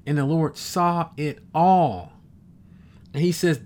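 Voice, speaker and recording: A man in his fifties preaching a sermon, reading scripture slowly and emphatically, repeating verses and adding exclamations. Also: on the high side, darkish tone.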